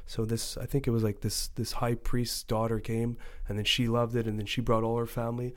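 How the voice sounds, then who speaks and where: A man with a mid-range voice talks quickly and eagerly, spinning a story in a loose, conversational way. He drops casual swear words as he goes. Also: mid-range voice, level tone. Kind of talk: casual podcast chat, storytelling.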